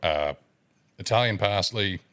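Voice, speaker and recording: A man's voice: on the low side, unhurried, a bit bright. An Australian man, a podcast guest, chatting in a laid-back way, giving detailed accounts and swearing casually. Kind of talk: casual chat.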